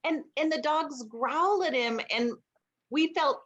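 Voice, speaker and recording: A woman asking a question on a video call, speaking slowly and unsettled, in short pieces. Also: sits high, a bit bright. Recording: dull, lo-fi video-call audio.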